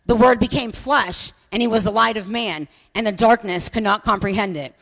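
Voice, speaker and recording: A woman pastor preaching a sermon with lively storytelling, raising her voice to a shout at its peaks, in a church sanctuary. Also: medium pitch, moderate pace. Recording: long reverb of a large hall.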